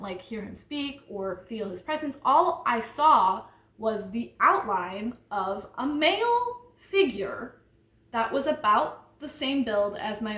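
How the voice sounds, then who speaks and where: A woman's voice: a little high, sharp tone. A young woman vlogger telling a true ghost story in a rambling, casual way, full of "like". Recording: echoey room.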